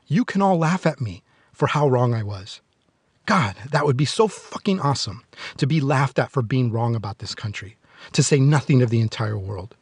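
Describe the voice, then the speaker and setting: A man's voice: on the high side, dry recording. A man in his forties hosting a film review podcast, narrating in a sardonic, darkly joking way. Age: 40s. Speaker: podcast host.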